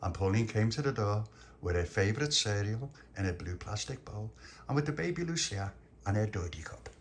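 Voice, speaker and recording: A man's voice: lowish voice, brisk, a little hiss or hum. A man telling a comic bedtime story in a playful, rambling way. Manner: playful, animated, rambling repetitions. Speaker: storyteller host.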